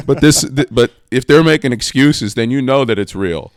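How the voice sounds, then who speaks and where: A man co-hosting a comedy podcast, trading fast jokes and laughing often. His voice is smooth and clear, and it sits close and dry on the mic. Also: mid-range voice, animated, dry recording. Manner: jokey, quick riffing, laughs often. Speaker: podcast co-host. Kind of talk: casual comedy podcast banter.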